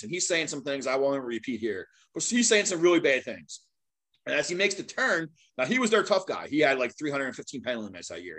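Casual storytelling comes from a middle-aged man with a fairly high-pitched voice, a guest known as a longtime sports mascot. He's animated throughout, laughing often and reenacting what other people said.

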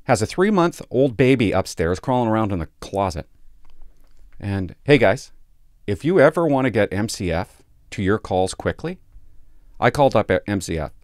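A man's voice: fairly low pitch, very animated, normal speed, no echo, clean studio sound. A man doing a crude, sardonic stand-up set about police work, swearing freely. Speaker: stand-up comedian and police officer.

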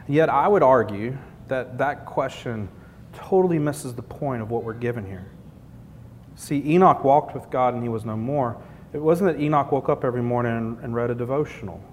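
A man preaching a sermon in an earnest, conversational way, building points through repetition. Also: moderate pace. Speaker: pastor. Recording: long hall reverb, faint rumble.

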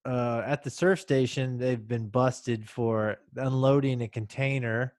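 A man's voice: mid-range voice, steady tone, unhurried, darkish tone. A man co-hosting a casual podcast who gripes about things bluntly and mockingly. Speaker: podcast co-host. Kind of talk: casual chat.

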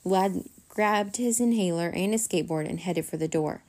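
A woman reading a children's chapter book aloud in a gentle, steady storytelling manner. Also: on the low side, moderate pace. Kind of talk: bedtime story narration.

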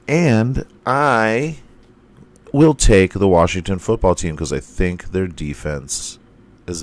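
A hoarse man with a very low voice talks slowly through casual sports picks. He rambles and swears, often breaking off to correct himself. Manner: rambling, profane, self-interrupting. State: hoarse, losing his voice. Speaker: podcast host.

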